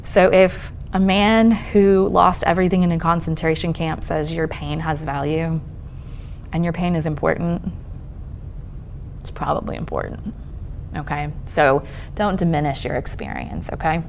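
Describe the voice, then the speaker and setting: A woman with a deep, steady, gravelly voice speaks at a moderate pace, with slight background noise. She's a therapist addressing a college-event audience in a lecture room about trauma and resilience, keeping it conversational and reassuring with frequent "um" and "okay?"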